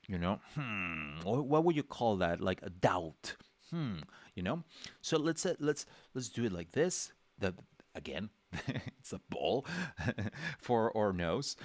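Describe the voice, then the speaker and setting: A man's voice: fairly low pitch, no echo. A man leading a livestream drawing lesson, rambling and chatty with many fillers and restarts, acting out little reactions. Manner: acts out characters' reactions with small voices. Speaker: drawing instructor.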